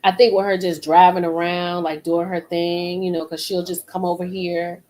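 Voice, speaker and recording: A woman's voice: fairly low pitch, fairly even intonation, moderate pace, poor audio. Middle-aged woman rambling on a live stream, talks right to the viewers, repeats herself a lot. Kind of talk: casual live-stream chat.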